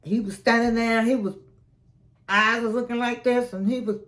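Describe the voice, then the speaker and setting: A woman's voice: on the high side, fairly even intonation, normal speed, a bit bright. A woman retelling a reality show episode in a chatty recap, acting out what the people said and adding her own blunt asides. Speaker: recap vlogger.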